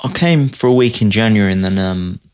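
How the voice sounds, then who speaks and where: A man's voice: lowish voice, expressive, fairly quick, a little mellow, a little hiss or hum. A young man, a mixed martial arts fighter, chatting casually as a podcast guest, laid-back and laughing easily.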